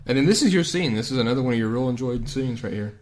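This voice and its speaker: A man's voice: medium pitch, expressive, fast talker, a little mellow. A man co-hosting a podcast, casually adding plot details while a movie is recapped. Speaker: podcast co-host.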